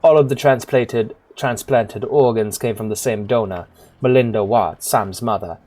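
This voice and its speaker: A man's voice: mid-range voice, normal speed, mellow, close to an everyday voice. A man reading the lines of a hardened woman shadowrunner in a blunt, clipped way, close to his own voice. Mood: terse.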